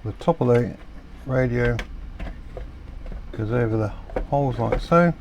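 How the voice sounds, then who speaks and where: A middle-aged man explaining a radio repair step by step in a relaxed, chatty way. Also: mid-range voice, a little slow, background noise. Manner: relaxed, chatty, self-deprecating asides.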